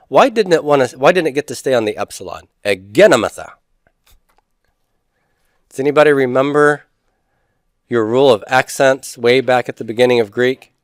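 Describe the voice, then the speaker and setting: Male Greek teacher, mid-pitched, chatty and teasing, dry close sound. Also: no room sound. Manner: chatty, teasing, drills forms aloud. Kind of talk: recorded classroom lecture.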